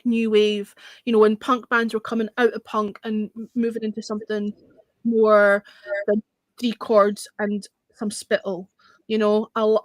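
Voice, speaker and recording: A woman's voice: mid-range voice, a bit bright, no echo. A woman hosting a livestreamed music review panel, giving blunt, opinionated views in casual chat. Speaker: music show host.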